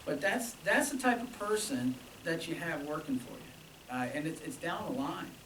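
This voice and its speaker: A man's voice: fairly high pitch, very animated, normal speed, a bit bright. A man, a band director, talking casually to alumni, chatty and telling stories with quoted dialogue. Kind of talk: informal speech to alumni. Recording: echoey room from far off, with noise.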